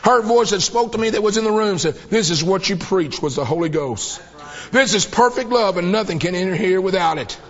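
A man preaching a sermon, telling a vision with mounting fervor and bursts of shouted praise. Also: high-pitched, expressive, brisk. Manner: fervent storytelling, voice rising to shouts of praise. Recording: dull lo-fi old tape.

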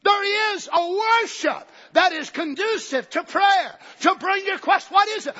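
A preacher delivers a fiery revival sermon in a strikingly high, bright, forceful voice. He swings from ringing shouts down to low, conversational asides. The recording is dull and lo-fi. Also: unhurried, few pauses, big-room sound. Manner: bursts into shouts, then drops low and conversational.

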